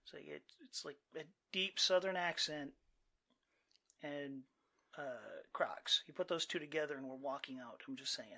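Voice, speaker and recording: Wry man with a bright voice. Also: fairly high pitch, measured pace. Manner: wry, rambling, joking. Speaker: podcast co-host. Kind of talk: casual chat with spouse.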